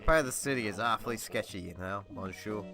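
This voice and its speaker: A man's voice: fairly low pitch, fast talker, over loud music, lightly acted. A man reading the lines of a fussy, genteel male dog.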